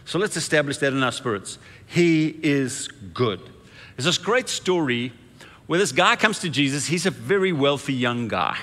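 A man preaching a sermon in a relaxed, conversational way, telling stories and acting out the voices of the people he quotes. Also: mid-range voice, normal speed. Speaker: pastor. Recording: long reverb of a large hall.

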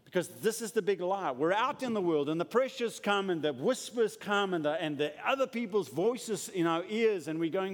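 A man preaching a sermon and praying aloud, moving from loud declarations to hushed, intimate lines. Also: high-pitched, expressive, normal speed, hardly any pauses. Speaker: pastor. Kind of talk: sermon with prayer. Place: church. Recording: church hall with long reverb.

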